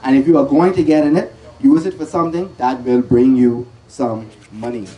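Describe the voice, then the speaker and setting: A man's voice: medium pitch, moderate pace, dark tone, low-quality recording. A man giving a financial talk, asking rhetorical questions and restarting his sentences often. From Bahamas. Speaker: presenter at a credit union talk.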